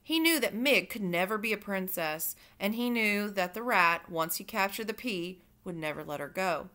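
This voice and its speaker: Bright-voiced woman reading a storybook. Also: mid-range voice. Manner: expressive, asides to listeners. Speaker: reader. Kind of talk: storybook read-aloud for children.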